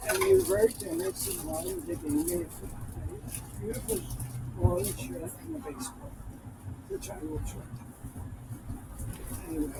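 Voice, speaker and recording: A man in his nineties, a war veteran, telling stories emphatically and repeating key phrases, with loud background noise. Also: extremely high pitch, wildly swooping pitch, moderate pace, creaky, pauses often. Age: 90s. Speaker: WWII veteran guest. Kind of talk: storytelling interview.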